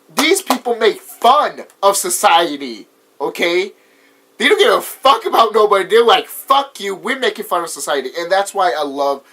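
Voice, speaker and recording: A young man with an American accent talks through a movie review in a loose, rambling way. His voice is bright and edgy, sits a bit high, and swings up and down a lot as he gets worked up. He laughs often and swears freely. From United States. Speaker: vlogger. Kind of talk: casual movie review vlog.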